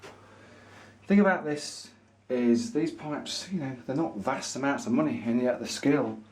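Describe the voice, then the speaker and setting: A man's voice: medium pitch, animated, a little slow, darkish tone. Chatty enthusiastic man in a shop. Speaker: vlogger. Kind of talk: casual showroom chat to camera. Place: pipe maker's showroom, indoors.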